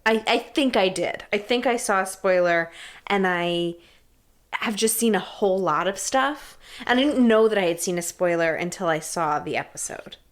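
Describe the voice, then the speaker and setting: A woman's voice: medium pitch, animated, moderate pace. A woman with a mid-range voice co-hosts a podcast in easygoing chat. She giggles often and rambles through long explanations. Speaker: podcast co-host. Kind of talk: casual chat.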